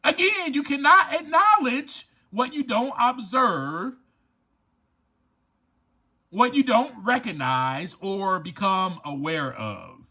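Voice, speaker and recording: Man, podcast host, motivational talk, high lively voice, emphatic, repeats himself. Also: slow. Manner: emphatic and preachy, repeats key lines.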